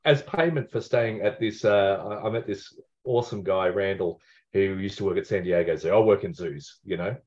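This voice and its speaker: Low-voiced Australian man on a dull recording. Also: moderate pace, darkish tone. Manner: chuckling, rambling. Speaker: podcast co-host. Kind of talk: casual chat. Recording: dull lo-fi sound.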